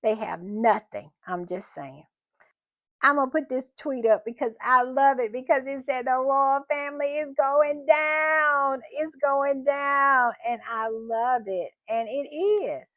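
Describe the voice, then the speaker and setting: Woman host, unhurried and emphatic, dry close recording. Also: high voice, fairly bright tone, dry recording, dull audio. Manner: chatty and emphatic, repeating phrases. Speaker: commentary channel host. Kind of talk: casual opinion commentary.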